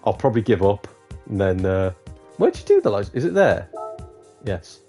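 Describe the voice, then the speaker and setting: A man's voice: fairly low pitch, very animated, normal speed, warm tone, breathy edge, soft background music. A man streaming a racing game, telling crude jokes and laughing often in casual chat. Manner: jokey, laughs often, says "mate". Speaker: gaming streamer.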